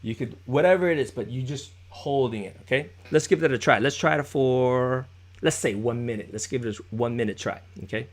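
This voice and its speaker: A man's voice: mid-range voice, a little fast. Encouraging male dance instructor counting beats. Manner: encouraging, chatty, answers chat viewers by name. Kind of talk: live-streamed dance class.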